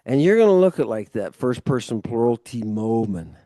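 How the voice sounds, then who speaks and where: A man tutors one student in a relaxed, explanatory way, walking through each point and checking in with a quick "right?" His voice is warm and mellow, sitting in the middle of the male range. The recording is close and dry. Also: medium pitch, no room sound. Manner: casual and loose, with mild swearing. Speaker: Ancient Greek tutor. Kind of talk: one-on-one language lesson.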